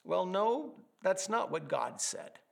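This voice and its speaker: A man with a rather high voice preaches to his congregation. He delivers the sermon in an animated way, building vivid word pictures and dropping in light humorous asides. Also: takes it slowly, vocal fry. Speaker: pastor.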